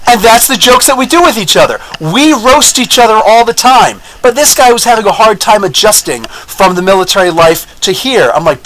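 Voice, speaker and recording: A man with a fairly high voice for his sex, hosting a podcast in a loose, opinionated monologue. He rambles and circles back, and speaks bluntly. He keeps checking in with his listeners as he tells his stories. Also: fairly quick, hardly any pauses, rough recording. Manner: rambling, animated, keeps asking "you know what I'm saying?". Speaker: podcast host. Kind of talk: casual opinion monologue with storytelling.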